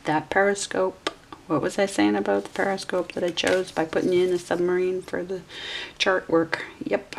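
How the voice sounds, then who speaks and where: A woman's voice: lowish voice, little pitch movement, fairly quick, vocal fry, slight background noise. A woman in her forties giving a casual tarot reading, musing aloud and correcting herself as she goes. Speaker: tarot reader.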